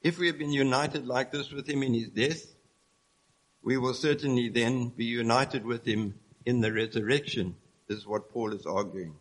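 A man delivering a sermon in an earnest, explanatory tone. His voice sits at an ordinary middle pitch, and he moves steadily from one point to the next, reading scripture aloud along the way. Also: moderate pace, low-quality recording. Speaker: preacher.

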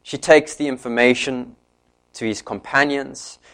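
A man preaching a sermon, retelling a story in an animated way and briefly voicing each character's lines. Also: medium pitch, a little slow.

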